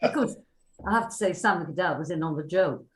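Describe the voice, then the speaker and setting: An older woman with a Welsh accent, an actress telling lively anecdotes at a reunion panel. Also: on the low side, brisk. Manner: lively storyteller, acts out quotes. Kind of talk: anecdotal casual chat. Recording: echoey room.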